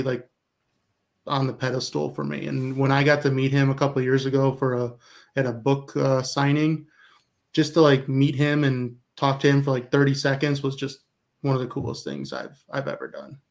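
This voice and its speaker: An American man in his thirties, a guest author chatting casually, meandering with many fillers. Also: mid-range voice. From United States. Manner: flat, meandering, filler-heavy. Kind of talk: casual video chat.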